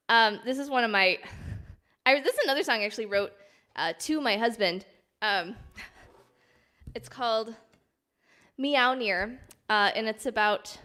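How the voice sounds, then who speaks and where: A woman's voice: fairly high pitch, pushed and bright. A woman chatting casually at her home desk during a live stream, rambling with lots of ums and little laughs. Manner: rambling and giggly, many ums. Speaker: filk singer and streamer. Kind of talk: chatty live-stream banter between songs.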